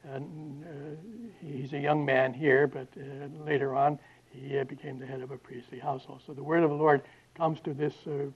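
A man giving a classroom Bible lecture, halting often with fillers and restarts. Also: a little high, fairly even intonation, breathy edge. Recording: dull lo-fi lecture recording.

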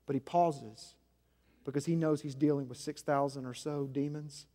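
A man preaching a sermon as senior pastor, swinging between loud emphasis and hushed, low passages. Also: steady tone, normal speed. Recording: long hall reverb.

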